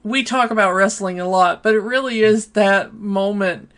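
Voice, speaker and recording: A woman co-hosting a podcast in casual chat, unhurried, with lots of fillers. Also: mid-range voice, a bit bright. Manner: unhurried, many fillers like um and you know. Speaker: podcast co-host.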